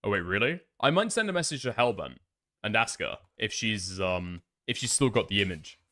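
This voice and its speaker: A man's voice: fairly low pitch, sing-song, moderate pace, pushed and bright, no echo. Rambling male streamer thinking aloud. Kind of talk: casual live-stream commentary.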